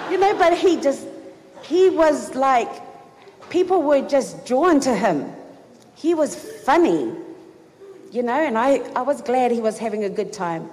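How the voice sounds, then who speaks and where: A woman giving a eulogy at a funeral service, telling a personal story in an excited, giggly way. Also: fairly high pitch, a little slow. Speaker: eulogy speaker. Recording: reverberant hall, faint background noise.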